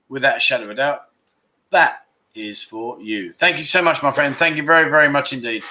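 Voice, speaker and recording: Hosting a casual livestream in Pattaya, Thailand, a man reads viewer donations aloud, chatty and grateful, with many restarts in his thanks. His voice is fairly high, pushed and bright.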